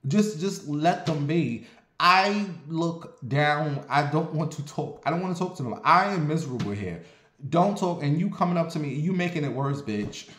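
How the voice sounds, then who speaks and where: A man in his forties telling a story in a casual vlog monologue, blunt and sassy, with lots of profanity and animated outbursts. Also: a little high, normal speed, a little hiss or hum. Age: 40s. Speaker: vlogger. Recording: roomy echo.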